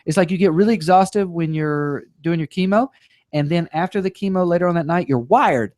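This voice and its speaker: A man's voice: sits high, a little fast, a little mellow, no room sound, clean studio sound. A man guest on a talk show, telling a personal story with humor and playful acted-out quotes.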